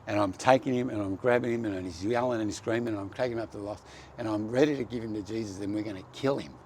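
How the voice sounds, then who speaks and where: A man's voice: lowish voice, rapid-fire, a little mellow, a little hiss or hum. A man giving a personal faith testimony, telling his story in an earnest, heartfelt way.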